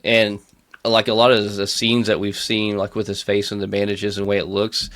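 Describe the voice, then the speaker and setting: A man's voice: on the low side, completely flat delivery, normal speed, a bit bright, no room sound. A man co-hosting a casual pop-culture podcast, rambling with lots of fillers and restarts and laughing often. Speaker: podcast co-host.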